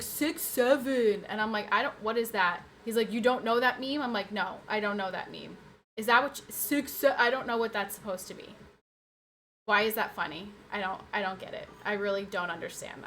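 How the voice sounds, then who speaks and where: A woman streamer chatting casually with her viewers, bubbly and quick to thank them. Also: medium pitch, a bit bright, a little hiss or hum. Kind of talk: casual livestream chat. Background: dogs barking.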